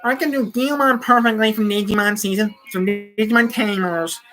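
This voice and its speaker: A woman's voice: mid-range voice, moderate pace, fairly bright tone, soft background music. A woman hosting her own channel, chatting casually at home and restarting her sentences often. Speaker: channel host. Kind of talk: rambling casual talk to camera. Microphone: desk microphone.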